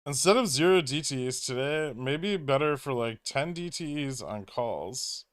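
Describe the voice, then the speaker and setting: A man talks casually to his livestream viewers. He answers their questions in a wry, offhand manner and often thinks out loud, restarting his sentences. His voice sits at an ordinary pitch and is recorded close and dry, with no room echo. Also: lively intonation, measured pace. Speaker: stock trading livestream host.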